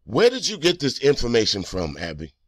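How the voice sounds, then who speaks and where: A man's voice: medium pitch, huge pitch swings, brisk, a bit bright. A man hosting a reaction video, delivering heated, profane, accusing commentary straight at the person in a clip.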